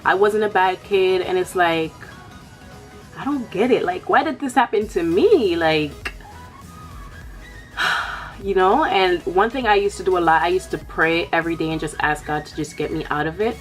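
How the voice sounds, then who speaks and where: A woman's voice: fairly low pitch, normal speed, soft background music. A young woman talking frankly and casually to camera about her own life, leaning on "like" and "you know". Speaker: vlogger. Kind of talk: candid personal chat.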